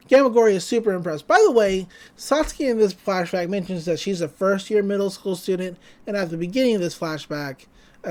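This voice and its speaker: A podcast co-host in casual chat, retelling an episode in an animated way and acting out the quoted lines. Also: medium pitch. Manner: loose, with frequent "like" and restarts.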